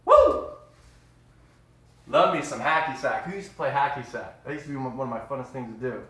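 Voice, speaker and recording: Chatty man, live-stream host, mid pitch, roomy kitchen echo. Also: quick pace, a bit bright, a little hiss or hum. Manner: upbeat, chatty, says "y'all" a lot. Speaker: livestream host. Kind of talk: casual live-stream chat. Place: home kitchen.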